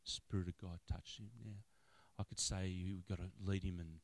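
Australian man, middle-aged, chaplain preaching, lively storyteller, deepish voice, close dry sound. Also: normal speed, no echo. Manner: animated, acts out quotes, rising to high-pitched excitement. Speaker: football club chaplain, preacher. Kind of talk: sermon storytelling.

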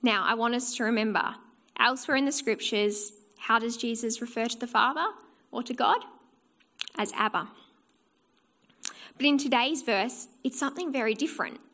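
A woman's voice: on the high side, normal speed, pauses often, fairly bright tone. A woman preaching a sermon in church, earnest and explanatory, asking rhetorical questions and answering them herself.

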